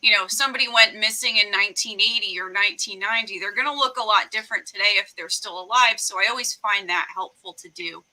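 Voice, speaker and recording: A woman's voice: medium pitch, quick pace, few pauses, rough recording. A woman from Rhode Island answering podcast interview questions in an earnest, detailed way. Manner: earnest and detailed, steady explaining. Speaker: guest.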